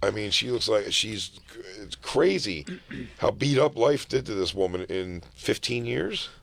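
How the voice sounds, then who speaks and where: A man's voice: lowish voice, expressive, unhurried, gravelly. A man hosting a talk radio show, telling a story in casual, profane chat and laughing at how absurd it is.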